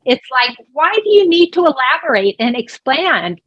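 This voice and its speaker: A woman's voice: high-pitched, sing-song, moderate pace, fairly bright tone, no echo, lo-fi sound. A woman working as a voice interpreter, speaking a sign-language lesson aloud in an explanatory, conversational way with small restarts. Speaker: voice interpreter for a deaf presenter.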